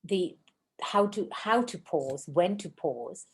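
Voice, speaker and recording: A woman hosting a podcast interview, talking fast and effusively in a casual chat. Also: on the low side, expressive. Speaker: podcast host.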